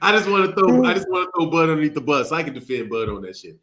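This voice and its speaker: A man's voice: a little high, very animated, fast talker, a crowd in the background. A man hosting a casual boxing talk show, loose and joking as he ranks fighters. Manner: joking, teasing, loose banter.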